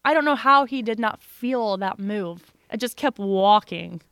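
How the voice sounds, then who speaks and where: A woman's voice: mid-range voice, measured pace, clear, resonant tone, no echo. A young woman telling a funny story on a casual podcast, laughing through it. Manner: animated, laughs through her own story. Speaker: podcast co-host.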